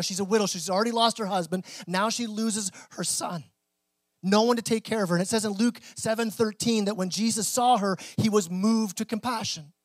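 A man's voice: sits high, dry recording. A man pastor preaching a sermon in a conversational way, with small restarts.

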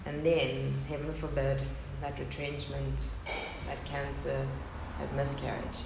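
Woman w a deep gravelly voice telling her story on stage, roomy hall sound. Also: monotone, takes it slowly. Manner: candid and earnest, speaking of loss. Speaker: speaker at a faith gathering. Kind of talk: personal testimony talk. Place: hall with a live audience. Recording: echoey hall, faint background hum.

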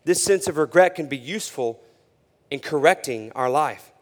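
A male pastor preaches in a relaxed, conversational way, correcting himself and filling pauses as he goes. His fairly high voice swings from loud emphasis down to a near hush, trailing off into a hall with a long reverb. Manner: conversational, with frequent fillers and self-corrections. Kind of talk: sermon.

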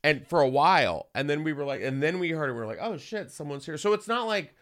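A man's voice: fairly high pitch, fast talker. A male comedian telling a story on a podcast as a guest, acting out every voice along the way. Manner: animated, acts out every voice. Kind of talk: comic storytelling.

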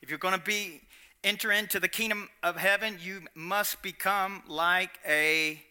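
A man's voice: sits high, steady tone, measured pace, pushed and bright, clean tone. A man preaching a sermon, emphatic, repeating his lines and quizzing the congregation. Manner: emphatic, repeats lines, asks the audience questions.

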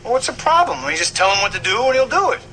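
A man's voice: very high-pitched, very animated, fast talker, sharp tone, exaggerated voice, rough recording. An actor playing a brash, pushy mobster father who jokes his way through a tense talk in a TV clip. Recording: TV clip with clear background noise.

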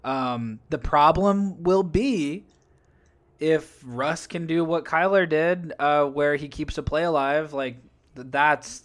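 A man's voice: medium pitch, smooth. A young man co-hosting a casual sports chat, hesitant and rambling as he talks his picks through. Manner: rambling, hesitant, thinks out loud with fillers. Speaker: podcast co-host making picks.

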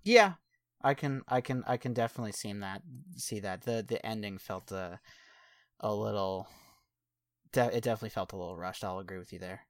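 A man's voice: on the low side, brisk, dry recording, studio quality. A man co-hosting a casual film review podcast, speaking hesitantly and often repeating words. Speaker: podcast co-host.

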